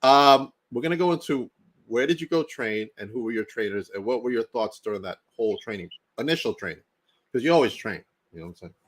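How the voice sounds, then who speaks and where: A man hosting a podcast interview, relaxed and casual, often laughing and chiming in with quick affirmations. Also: mid-range voice. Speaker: podcast host.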